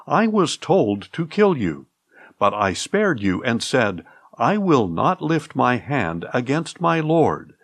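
A man voices an earnest young warrior in a scripture reading, pleading his innocence to a king. The lines come slowly, with lively rises in pitch and a dry, close sound. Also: dry recording, full character voice.

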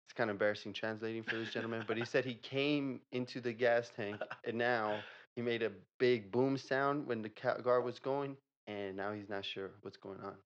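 Chill guy hosting a comedy vid, mid pitch, kinda muffled audio. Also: fairly even intonation, normal speed. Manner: laughing, loose, swearing casually. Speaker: host. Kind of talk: casual improv comedy. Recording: dull lo-fi sound.

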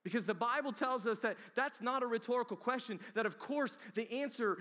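A man preaching a sermon with dramatic swings from hushed, whispered passages to loud, emphatic peaks. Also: extremely high pitch, a little fast, few pauses. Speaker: pastor. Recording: long hall reverb.

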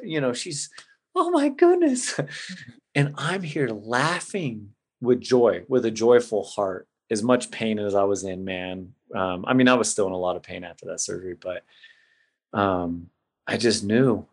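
A man's voice: on the low side, moderate pace. A middle-aged man telling an emotional personal story in a casual, heartfelt way as a podcast guest. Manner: casual, emotional, says "man" and "bro" a lot.

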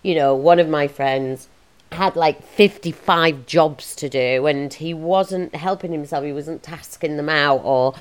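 A woman hosting a casual motivational podcast, chatty and bubbly, and she laughs often. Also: low-pitched. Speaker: podcast host.

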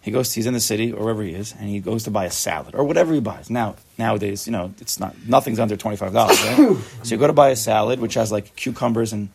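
Fast-talking gravelly man teaching a class. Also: lowish voice, darkish tone, slight background noise. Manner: chatty, joking, mixes in Hebrew and Yiddish terms. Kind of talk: casual Torah class.

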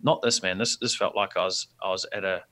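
Animated man telling a story. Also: low voice, brisk. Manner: rambling, animated storyteller with many restarts. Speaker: guest. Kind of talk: casual storytelling on a podcast.

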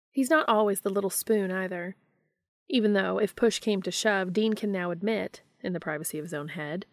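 A woman narrating a romantic fan fiction story in a soft, intimate reading voice, dropping to a hush for dialogue. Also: medium pitch, no room sound, studio quality. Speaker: fanfiction podcast reader.

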